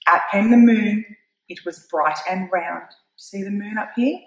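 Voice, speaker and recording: A woman reads a picture book aloud to children in a slow, unhurried way. She is expressive and stops to point things out to her young listeners. The recording has a noticeably echoey room sound. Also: medium pitch. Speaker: storyteller.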